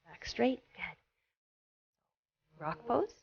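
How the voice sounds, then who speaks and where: A woman instructor gently guiding children through a yoga class with encouraging, sing-song cues. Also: fairly high pitch, sing-song, drawn-out words, gravelly, breathy edge, dull audio.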